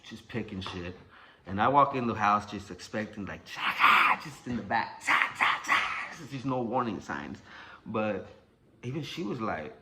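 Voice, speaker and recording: A young man casually telling a personal story, animated and profane, acting out what people said. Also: lowish voice, moderate pace, very noisy. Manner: animated, profane, acts out quotes.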